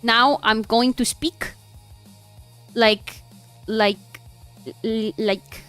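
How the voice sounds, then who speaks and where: A woman's voice: fairly high pitch, steady tone, drawn-out words, pauses often, a bit bright, smooth, faint music behind. A young woman from Mexico with a Mexican accent, chatting casually while she draws on a stream, giggling often and mixing English with Spanish. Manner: bubbly, giggly, switching between English and Spanish. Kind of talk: casual chat while drawing.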